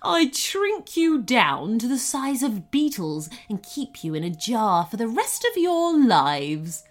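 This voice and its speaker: A woman's voice: fairly high pitch, sing-song, takes it slowly, pitched above the performer's own voice, heavily acted. A woman voicing an evil, greedy female goblin queen who shrieks and cackles threats. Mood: gleeful menace. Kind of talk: storybook character voice.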